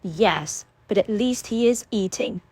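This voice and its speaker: A woman's voice: medium pitch, lively intonation, unhurried, darkish tone, no echo. A woman narrator voicing a firm, harried young mother of three in an audiobook, speaking in a scolding tone. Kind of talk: audiobook character voice.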